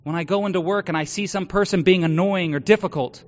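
A man with a high, bright-pitched voice preaches in an earnest, personal way, dropping to hushed confession before rising to loud exhortation. The sound is dull and lo-fi, carried by a long reverb off a large hall. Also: fairly quick. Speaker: pastor. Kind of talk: sermon.

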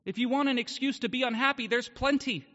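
Male pastor, very high and bright voice, earnest emphatic sermon, muffled recording in a reverberant church hall. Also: fairly quick. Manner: earnest, emphatic preaching with rhetorical questions.

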